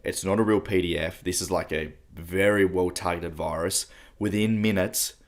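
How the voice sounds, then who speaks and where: A man with a very low voice co-hosting a podcast. He explains things in a steady, chatty manner, often dropping in "you know.". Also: moderate pace. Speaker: podcast co-host. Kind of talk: casual chat.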